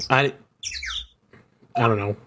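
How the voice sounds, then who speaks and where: A man's voice: mid-range voice, steady tone, drawn-out words, noisy background, pitched below the performer's own voice. A man doing a flustered young lawyer. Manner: hesitant, stammering. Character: young male defense lawyer, flustered and put-upon. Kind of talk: fan voice-over dub of a video game. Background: game music.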